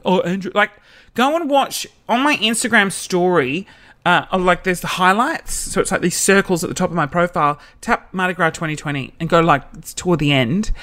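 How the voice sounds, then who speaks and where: A podcast host in his 30s spins a story in a chatty, self-mocking monologue, throwing in campy voices for the quotes. His voice sits high and a bit bright.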